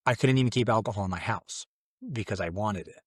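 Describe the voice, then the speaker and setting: A man from Mexico, a podcast guest, tells his conversion story fast in a husky voice, recorded studio-quality with no room sound. His earnest, rambling account is full of restarts, and he acts out his past exclamations louder and higher.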